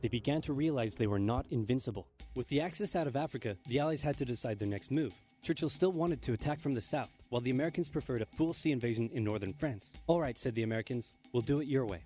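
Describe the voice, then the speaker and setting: Man narrating history quickly, wry jokey tone, music underneath. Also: mid-range voice, expressive, mellow. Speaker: documentary narrator. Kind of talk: scripted comedic history narration. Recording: played video with music behind.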